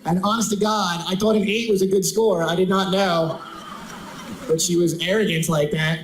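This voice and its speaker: A man's voice: high-pitched, steady tone, normal speed, long pauses, a little hiss or hum, low-quality recording. A man doing a stand-up comedy routine in a conversational way, asking the crowd questions.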